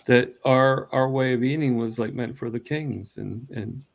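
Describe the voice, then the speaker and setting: Man, gravelly creaky voice, stammers, jokey casual chat. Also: medium pitch, unhurried. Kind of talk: casual live-stream chat.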